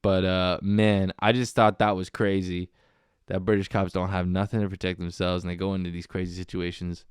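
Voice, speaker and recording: A man's voice: deep voice, flat delivery, moderate pace, clean tone, dry recording, studio quality. A man hosting a casual solo comedy podcast, rambling and meandering, with lots of "dude" and "man.". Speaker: podcast host.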